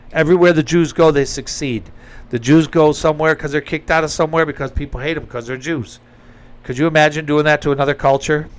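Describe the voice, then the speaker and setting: A man's voice: mid-range voice, clean tone. A man giving a blunt, emphatic opinion monologue with sarcastic asides, talking straight to his audience. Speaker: commentator.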